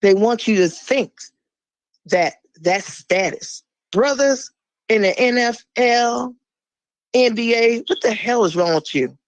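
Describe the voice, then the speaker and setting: A woman speaking as a guest in a podcast conversation, blunt and fiery. She swears freely and drops suddenly into a low, slow voice for emphasis. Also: lively intonation, dry recording, rough recording.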